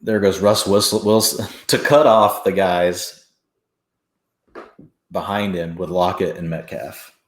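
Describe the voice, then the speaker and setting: A man co-hosting a casual sports podcast, animated, chuckling often and restarting sentences. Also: low voice, slow, pauses often, reverberant. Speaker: podcast co-host. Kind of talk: casual fantasy football chat.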